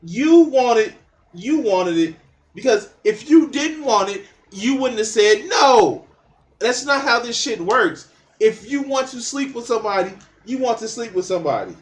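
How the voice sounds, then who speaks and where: A man's voice: very high voice, lively intonation, a little slow. A man giving blunt, profane reaction commentary on a documentary clip, mocking and laughing at what he hears.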